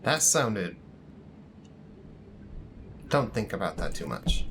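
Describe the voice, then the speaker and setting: A man's voice: on the low side, big pitch swings, slow, noisy background. A man hosting a gaming channel, giving casual let's-play commentary in a jokey, rambling, self-deprecating way. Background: game music.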